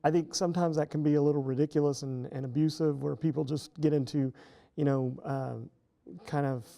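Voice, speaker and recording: A middle-aged man speaks as a guest in a casual interview, his voice mellow with a gravelly edge. He explains patiently, circling back with fillers and restarts as he goes. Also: fairly high pitch, steady tone, a little fast. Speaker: professor guest.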